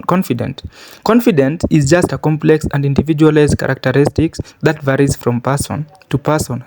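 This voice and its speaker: A man's voice: a little high, darkish tone. A man hosting his own channel, giving commentary with a hesitant delivery full of fillers. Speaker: channel host. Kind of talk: commentary to camera.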